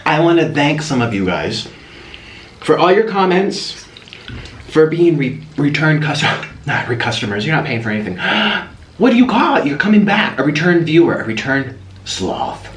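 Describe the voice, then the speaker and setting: A young man chatting casually while eating, in a food vlog, excitable and chatty between slurps. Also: on the high side, normal speed. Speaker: food vlogger. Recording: echoey room with faint hiss.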